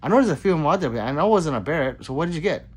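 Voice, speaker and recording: Lively, swooping man reading chat. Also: fairly high pitch, rapid-fire, breathy edge. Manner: animated, profane, chatty. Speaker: livestream host. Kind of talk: casual livestream chat reading.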